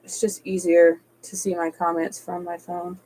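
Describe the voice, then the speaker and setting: A woman's voice: fairly low pitch, flat delivery, moderate pace, warm tone, rough recording. A woman doing a live-streamed tarot reading, reading card texts aloud evenly and slipping into casual, chatty asides. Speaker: tarot reader.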